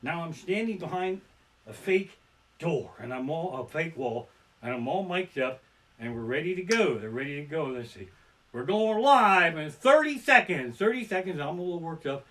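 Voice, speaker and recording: A male stand-up comedian from Pennsylvania tells rambling, profane stories on a home live stream from his living room and often bursts into shouted punchlines. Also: on the high side, expressive, moderate pace, recorded from a distance. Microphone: simple home streaming setup.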